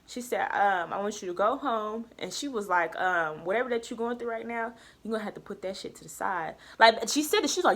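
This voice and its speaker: A woman's voice: mid-range voice, moderate pace, hardly any pauses. A young woman vlogger, telling a personal story in casual chat and acting out quoted dialogue. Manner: emphatic, lively retelling with quoted dialogue.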